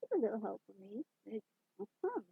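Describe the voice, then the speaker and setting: A woman voicing an excitable man, a time-traveling doctor who rambles quickly, in a husky tone over a tinny, phone-like recording. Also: on the high side, no echo, exaggerated voice. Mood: rambling.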